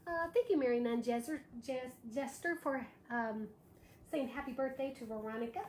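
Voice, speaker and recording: A woman hosts a live wreath-making craft show, chatty and gushing as she greets viewers by name. Her voice is high with a darkish tone and a moderate pace. The room is echoey, with faint background noise.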